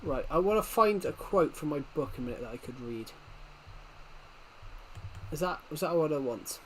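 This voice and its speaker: A man's voice: a little high, animated, moderate pace, pauses often, a little hiss or hum. Rambling man with a southwest English accent. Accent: southwest England, working class. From England. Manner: rambling, repeats himself, reads chat aloud. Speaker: streamer. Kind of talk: casual live-stream chat.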